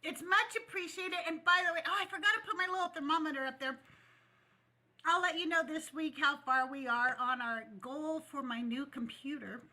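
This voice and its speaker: A woman's voice: high voice, steady tone, moderate pace, pushed and bright. A woman hosting a live call-in stream, talking bluntly and casually while chewing gum. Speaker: livestream host.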